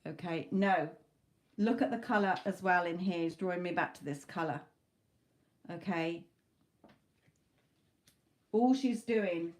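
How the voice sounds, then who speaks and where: A woman's voice: medium pitch, darkish tone. Woman, tarot reader, live reading, earnest, relays spirit messages, frequent okay checks.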